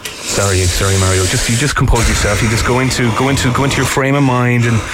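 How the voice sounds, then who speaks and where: A man's voice: mid-range voice, steady tone, fast. A man from Ireland hosting a breakfast radio show in a joking, playful way. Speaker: radio host.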